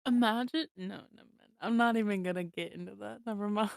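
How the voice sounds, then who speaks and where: A woman's voice: medium pitch, fairly quick, vocal fry, dry recording, clean studio sound. A young woman co-hosting a casual podcast, giggling and rambling with lots of filler words. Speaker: podcast co-host. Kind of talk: casual chat.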